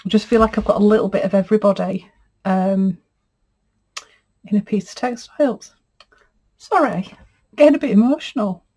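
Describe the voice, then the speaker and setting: A woman's voice: mid-range voice, normal speed, long pauses, dark tone. A middle-aged woman, a textile artist, chatting casually as she looks over fabric pieces, gushing and easily moved. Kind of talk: casual unboxing chat.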